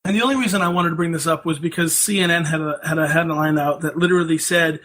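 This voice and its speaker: A man's voice: a little high, fairly even intonation, fast, fairly bright tone, a little hiss or hum. A man co-hosting a comedy podcast, teasing the others and laughing often. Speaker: podcast co-host. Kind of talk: casual comedy podcast banter.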